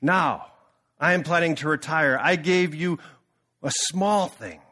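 A man playing a male CEO who proclaims and shouts, loud and forceful. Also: a little high, a little slow. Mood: jubilant. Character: booming male CEO, jubilant then furious.

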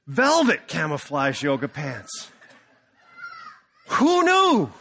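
A man playing a male CEO who proclaims and shouts, loud and forceful. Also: high-pitched, sing-song, a little slow, exaggerated voice. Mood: praising. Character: booming male CEO, jubilant then furious.

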